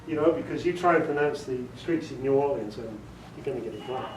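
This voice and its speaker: A British audiobook director, mid-range voice and quick pace, gives a chatty, informal workshop talk in a meeting room, joking with the small audience he quizzes. The recording is echoey, with his voice far from the mic and faint noise.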